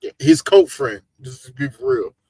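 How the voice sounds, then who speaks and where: A man hosting a casual live podcast chat, talking in an animated, slangy, jokey way. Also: medium pitch, normal speed, slightly rough, no echo. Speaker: podcast host.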